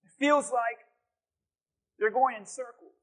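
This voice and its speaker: A man from Hialeah, Florida, preaching in church and telling an animated story. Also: extremely high pitch, measured pace, rough recording. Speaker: pastor. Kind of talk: sermon storytelling.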